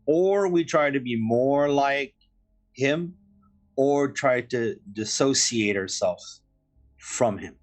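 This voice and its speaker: A man's voice: mid-range voice, expressive, takes it slowly, soft background music, rough recording. A man playing a tabletop game, asking questions and thinking aloud in casual talk. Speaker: player.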